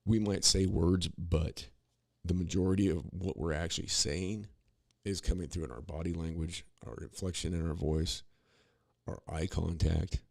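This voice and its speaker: Deep gravelly man, opinionated podcast talk. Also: fairly even intonation, normal speed, a little mellow, no room sound, studio quality. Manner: rambling, opinionated, many restarts and "you know"s. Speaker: podcast co-host. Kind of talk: casual political commentary.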